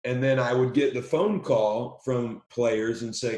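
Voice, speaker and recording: A man, a basketball coach, talking with excitement as a podcast guest, often repeating himself as he speaks. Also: mid-range voice, echoey room. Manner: energetic, talks fast and excitedly, repeats words. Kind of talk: podcast conversation.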